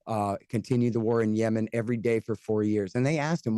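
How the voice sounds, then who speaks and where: A man from the United States, a guest on a casual podcast interview, talking bluntly and sarcastically, with fast rants and mocking quoted voices. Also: mid-range voice, dark tone, no room sound. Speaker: guest, antiwar radio host and author.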